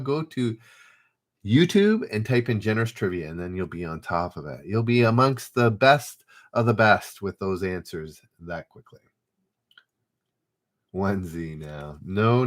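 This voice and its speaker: A man's voice: medium pitch, fairly bright tone. A man hosting a live online trivia game, reading questions aloud and chatting casually while players answer. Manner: reads questions aloud, then chats loosely while waiting for answers. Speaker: trivia host.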